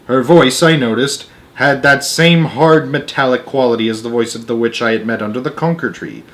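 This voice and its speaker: A young man reading a children's novel aloud, expressive, with small slips and restarts. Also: mid-range voice, moderate pace. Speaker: storyteller.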